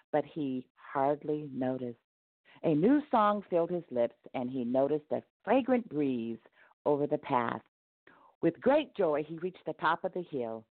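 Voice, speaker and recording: A woman narrating a devotional story aloud in an expressive read-aloud manner. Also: low-pitched, no echo. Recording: tinny phone-like dry sound.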